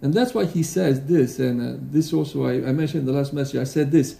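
A man preaching a sermon in a church, earnest and halting, with restarts and fillers, reading quotations aloud with emphasis. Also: medium pitch, vocal fry, mellow. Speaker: pastor. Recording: roomy echo.

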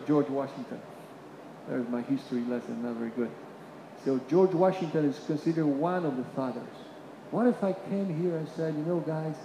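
High-voiced preacher in an echoing hall. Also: male voice. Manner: builds to emphatic peaks, then drops to quiet asides; repeats phrases while searching for words. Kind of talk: sermon. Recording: reverberant hall, faint room noise.

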